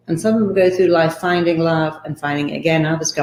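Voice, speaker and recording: Low-voiced woman, emphatic motivational speaker. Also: steady tone, a little fast, hardly any pauses, darkish tone, slight background noise. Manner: emphatic, acts out quoted voices. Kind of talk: motivational talk to camera. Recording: roomy echo.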